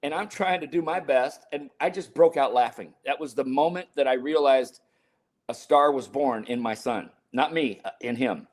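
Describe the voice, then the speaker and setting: A man in his sixties, a podcast guest telling personal stories in an interview and acting out the quoted lines with lively energy. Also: medium pitch, normal speed. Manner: animated storyteller acting out quotes. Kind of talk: storytelling interview.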